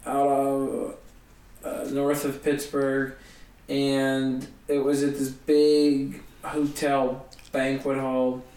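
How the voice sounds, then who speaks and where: A man, a comedian, telling a story in an animated, self-mocking way in conversation. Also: medium pitch, echoey room, far from the mic. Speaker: comedian guest.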